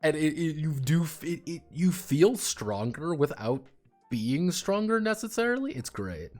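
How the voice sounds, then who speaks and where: Over soft background music, a man chats casually about games on his stream, rambling, swearing freely and staying animated. His voice is a little high and his pace measured.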